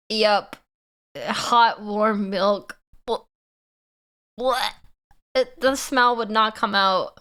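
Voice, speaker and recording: A woman's voice: medium pitch, steady tone, drawn-out words, long pauses, fairly bright tone, clear, resonant tone. A woman chatting casually on a livestream, laughing often and answering her chat. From Canada.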